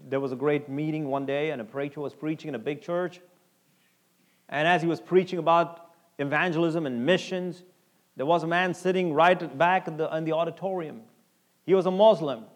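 A man preaching a sermon, reading scripture slowly and shifting between loud, emphatic lines and hushed, quiet ones. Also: a little high. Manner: reads scripture slowly and deliberately. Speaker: pastor.

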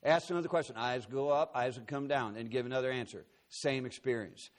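A man's voice: mid-range voice, brisk. A man preaching in a large auditorium, telling a story with earnest drama and acting out the quotes. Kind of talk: sermon storytelling.

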